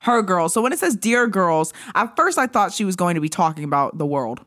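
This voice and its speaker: Giggly young woman with lively pitch. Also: fairly quick. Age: 20s. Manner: giggly, playful, jokey. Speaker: podcast co-host. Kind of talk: casual chat.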